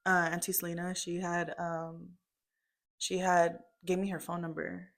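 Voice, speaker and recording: A young woman recounts a family story in loose, casual conversation, her voice sitting a little low. She talks in a chatty way, stringing thoughts together with plenty of "like" and "um.". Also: monotone, unhurried, vocal fry. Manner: chatty, full of "like" and "um" fillers. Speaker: daughter telling her story.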